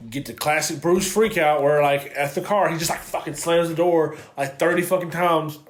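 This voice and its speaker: A man's voice: fairly high pitch, fairly even intonation, moderate pace, slight background noise. A man co-hosting a casual TV review, recapping scenes with lots of swearing and acting out the characters' lines. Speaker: co-host reviewing a TV series. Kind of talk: casual chat.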